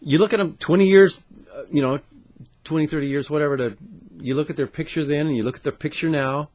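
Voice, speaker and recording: A man hosting his own channel, ranting to camera with constant swearing, jumping between loud outbursts and muttered asides. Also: a little high, fast. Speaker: channel host. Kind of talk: profane conspiracy rant to camera.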